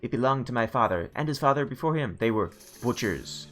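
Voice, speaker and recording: A man putting on a creepy backwoods innkeeper from a video game, grinning and lisping, with a voice pitched higher than his own. He talks slowly and overly cheerfully, stressing words oddly and swinging the pitch up and down. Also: expressive, fairly bright tone, faint music behind, close to an everyday voice. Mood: cheery. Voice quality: lisping, odd word stress. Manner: slow, overly cheerful and polite. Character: creepy grinning male innkeeper-butcher with a lisp. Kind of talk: video game dialogue reading.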